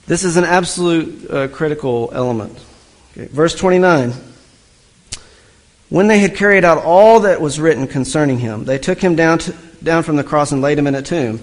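Preacher, man, slightly high voice, reads a verse then quizzes the hearers. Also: moderate pace, poor audio. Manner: asks the listeners questions and answers them himself; reads scripture aloud, then comments on it. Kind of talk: expository sermon teaching.

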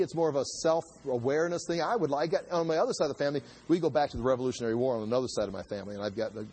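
Husky-voiced man preaching conversationally. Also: on the high side, a little mellow, low-quality recording. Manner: conversational preaching with asides and rhetorical questions. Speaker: pastor. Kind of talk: sermon.

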